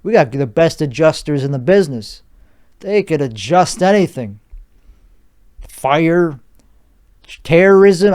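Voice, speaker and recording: A man's voice: a little high, darkish tone, clean tone. A man hosting a solo podcast, rambling through a crude comedic riff with restarts and swearing. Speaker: podcast host.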